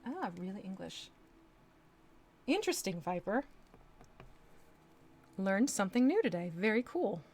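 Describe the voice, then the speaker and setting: A woman's voice: medium pitch, very animated, unhurried, pauses often, a little mellow. A woman chatting casually on a live stream as she paints miniatures, laughing often and playing with voices.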